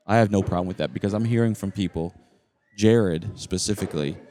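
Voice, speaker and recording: Deep voiced guy rambling on a podcast from camp, chatty, narrating whats around him. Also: a little fast, dark tone, slight background noise. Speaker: podcast co-host. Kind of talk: casual chat. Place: campground, indoors in a noisy shared space.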